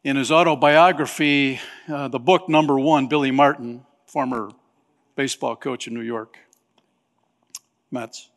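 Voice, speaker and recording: A male pastor preaching a sermon, telling stories animatedly and acting out voices with sudden shouts. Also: medium pitch, fairly even intonation, a little slow. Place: church sanctuary. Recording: long hall reverb.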